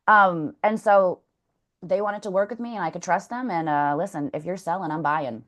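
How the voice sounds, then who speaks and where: A woman's voice: fairly low pitch, moderate pace. A woman talking candidly as an interview guest, blunt, swearing freely and telling stories with energy. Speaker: former contestant, interview guest.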